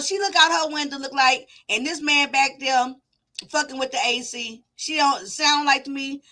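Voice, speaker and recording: A woman runs a commentary channel, reading viewer comments aloud and sharing her own take in a relaxed, conversational way as she talks things through with her audience. Her voice is high-pitched, pushed, and bright.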